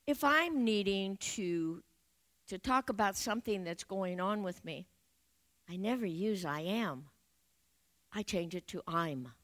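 A woman giving an Easter sermon as a spiritual teacher, speaking in slow, affirming and prayerful phrases. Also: medium pitch, a bit bright.

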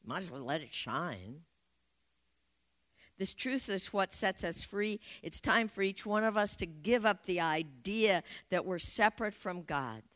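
A woman giving an Easter sermon as a spiritual teacher, speaking in slow, affirming and prayerful phrases. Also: lowish voice, animated, a bit bright.

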